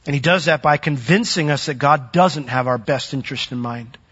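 A man preaching a sermon, animated, with sudden loud swells and soft drops as he retells the story. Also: medium pitch, brisk, slightly rough, lo-fi sound.

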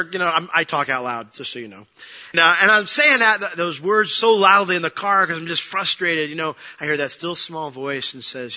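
Bright-voiced preaching man, dull lo-fi sound. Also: fairly high pitch, normal speed. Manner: animated preaching, building to loud passionate peaks. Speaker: pastor. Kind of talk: sermon with personal story.

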